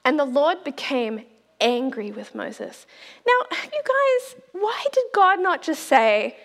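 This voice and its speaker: Lively, high-voiced woman preaching. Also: slow pace, long reverb tail. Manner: animated, laughs often, addresses listeners as "you guys". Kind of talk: sermon.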